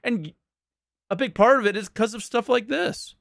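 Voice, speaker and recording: Bright-voiced exasperated man, blunt chat. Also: very high voice, moderate pace, gravelly, no room sound, clean studio sound. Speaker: podcast host. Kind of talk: casual podcast chat.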